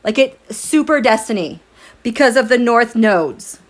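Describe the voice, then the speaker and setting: This is a woman with a fairly high voice running a casual tarot livestream from home late at night. She talks to her viewers in a chatty, animated way, laughs often, and reads their comments aloud. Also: measured pace.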